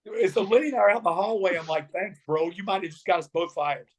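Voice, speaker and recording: A middle-aged former wrestler tells stories in an interview, speaking fast in a high voice. He's an animated storyteller who acts out the voices of the people in his tales.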